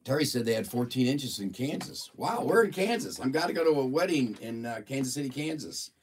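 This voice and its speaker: A man's voice: medium pitch, animated, brisk, distant mic, slight background noise. A man hosting a casual livestream, chatting and reading a viewer's report aloud in an amused, playful way. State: a bit of a frog in his throat. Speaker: livestream host.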